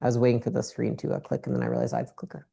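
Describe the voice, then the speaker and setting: A woman's voice: extremely low pitch, completely flat delivery, racing, vocal fry, mellow, husky. Blunt, profane woman speaker on stage. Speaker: business speaker. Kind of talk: motivational stage talk. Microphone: handheld mic.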